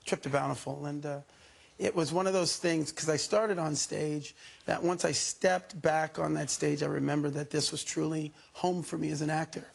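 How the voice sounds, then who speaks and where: A man's voice: a little high, fairly even intonation, moderate pace, creaky. A man, an actor, chatting easily as a talk show guest. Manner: easygoing, playful, drawling. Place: TV studio.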